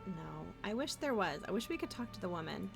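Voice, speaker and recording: Fast and sing-song, her medium-pitched voice has a creaky edge, with music in the background. She's a young streamer giving casual, playful gameplay commentary and chatting to her viewers and pets.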